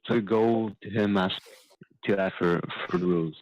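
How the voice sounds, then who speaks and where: Low-pitched male game master, dry and teasing, narrating a tabletop session. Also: steady tone, moderate pace, darkish tone, highs cut off.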